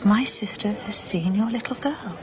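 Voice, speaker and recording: An actress playing a grieving wife in a radio drama, speaking in a breathy, earnest, half-whispered way. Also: female voice, medium pitch, normal speed, background noise, natural voice. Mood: urgent hushed. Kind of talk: BBC radio drama acting.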